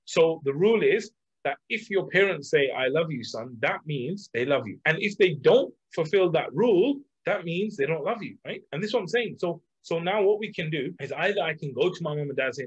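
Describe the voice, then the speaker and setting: Husky-voiced man coaching casually. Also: fairly high pitch, a little fast. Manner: conversational, many fillers, lively examples. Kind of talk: casual talk on self-love. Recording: dull lo-fi sound.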